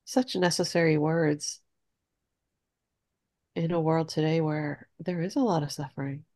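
A woman's voice: low-pitched, fairly even intonation, measured pace, darkish tone. A woman on a podcast chiming in with short affirming remarks. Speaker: podcast co-host. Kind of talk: casual podcast chat.

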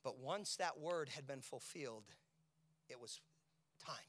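A male preacher giving a sermon, asking his listeners questions and moving between hushed whispers and loud, shouted peaks. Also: medium pitch, expressive, unhurried. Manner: asks the congregation rhetorical questions.

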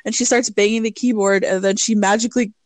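A woman's voice: medium pitch, fairly even intonation, fast, no room sound, low-quality recording. A woman co-hosting a podcast, casually recapping a movie with lots of fillers and acted-out quotes. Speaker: podcast co-host.

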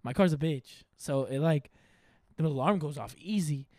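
A man's voice: fairly high pitch, moderate pace, no room sound, studio quality. A man in his early twenties, co-hosting a casual podcast, telling stories with lots of swearing and acted-out quotes. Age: early 20s. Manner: profane, animated storytelling with acted-out quotes. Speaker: podcast co-host.

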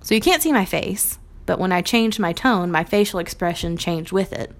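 A woman's voice: lowish voice, normal speed. A young adult woman, a Montessori teacher, speaks earnestly and reflectively on teaching and acts out short quoted phrases. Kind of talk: recorded talk on teaching.

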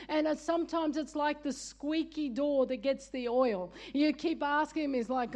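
High-voiced woman preaching with stories. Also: fairly quick, few pauses. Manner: lively storytelling, laughs often, rising into emphatic preaching with repeated "come on". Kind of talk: sermon with personal stories.

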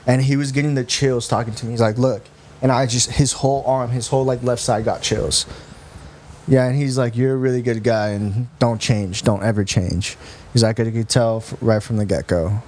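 A man's voice: mid-range voice, fairly even intonation, moderate pace, a little mellow, slight background noise. A man and podcast co-host talking earnestly in casual chat, swearing casually and retelling what others said.

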